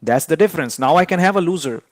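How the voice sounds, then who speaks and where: A man's voice: fairly high pitch, animated, fast talker, dry recording. Emphatic man lecturing on trading, dry sound. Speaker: trading educator. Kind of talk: trading lesson livestream.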